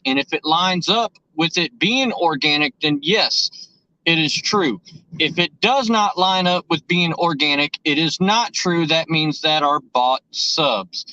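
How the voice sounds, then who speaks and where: A male guest explaining things in a measured, matter-of-fact way over muffled call-in audio. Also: sits high, pushed and bright.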